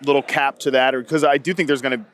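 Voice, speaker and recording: Brief: male podcast host, quick, chatty delivery that stumbles and repeats, mid-range voice. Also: mid-range voice, steady tone, fairly bright tone, clear, resonant tone. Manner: fast, rambling, repeats words when thinking. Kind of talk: casual sports betting chat. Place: radio row event floor.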